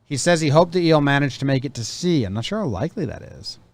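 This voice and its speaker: A man's voice: on the high side, expressive, fast, no room sound. A man co-hosting a casual show, reading news stories aloud and rambling through anecdotes with many restarts. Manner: rambling, self-correcting storyteller. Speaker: co-host.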